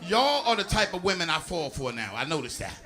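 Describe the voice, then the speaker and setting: Animated man doing stand-up. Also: fairly high pitch, brisk, faint music behind. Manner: animated, crowd-working, frequent "you know what I'm saying". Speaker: stand-up comedian. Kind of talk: stand-up comedy set. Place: live comedy venue with audience. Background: audience laughter.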